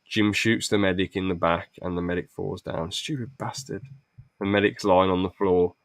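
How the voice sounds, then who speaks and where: A young man hosting a podcast, pitching a film script in a rambling, stop-start way with lots of fillers. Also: flat delivery, fairly quick, no room sound, clean studio sound. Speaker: podcast host. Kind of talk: casual podcast chat, reading out a film pitch.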